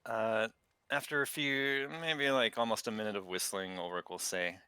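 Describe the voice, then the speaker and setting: A man describing his character's actions in a tabletop game, softly and hesitantly. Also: lowish voice, steady tone, normal speed, clean tone, dry recording. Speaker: player. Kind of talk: casual tabletop play.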